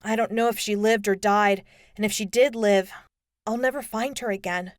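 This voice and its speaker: Woman reading as a tearful teen girl, mid-pitched and dry, audiobook character voice. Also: steady tone, normal speed, no echo, close to an everyday voice. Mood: distressed. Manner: tearful, earnest pleading. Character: teenage girl, upset and vulnerable.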